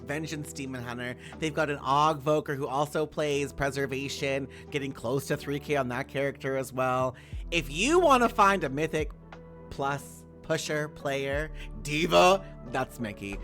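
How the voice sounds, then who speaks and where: Bubbly, lively host of a chat. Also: mid-range voice. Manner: bubbly, campy, laughs often. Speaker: round table host. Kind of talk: casual chat.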